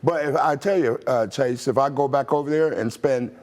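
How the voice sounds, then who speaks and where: An older American man, a former basketball pro, telling stories in a relaxed, chuckling way full of "you know". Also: mid-range voice, moderate pace. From Toledo, Ohio, USA. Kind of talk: casual interview storytelling.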